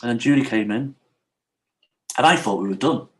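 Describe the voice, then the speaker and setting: A man's voice: mid-range voice, animated, moderate pace. A middle-aged man from Wales, a podcast guest telling his personal story in an earnest, confessional way. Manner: earnest, confessional, leans on "yeah" and "I said".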